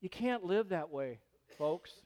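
A male pastor preaching a sermon in an animated way, rising into loud, emphatic bursts. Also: high-pitched, slow pace.

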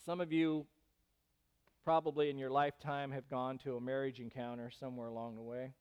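A male pastor preaching a sermon in an animated way, rising into loud, emphatic bursts. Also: mid-range voice, a little fast, clear, resonant tone, dull audio.

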